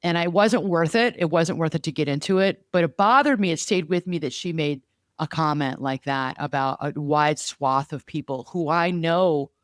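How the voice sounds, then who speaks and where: Earnest rambling man, smooth clear voice. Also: a little high, normal speed, a bit bright, no room sound, studio quality. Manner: rambling, restarts often, earnest, uses air quotes. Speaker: podcast co-host. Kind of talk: casual conversational chat.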